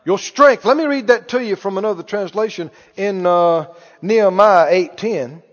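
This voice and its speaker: A man's voice: sits high, moderate pace. A man preaching a sermon, calling out to the congregation for responses. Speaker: pastor. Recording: muffled church hall recording.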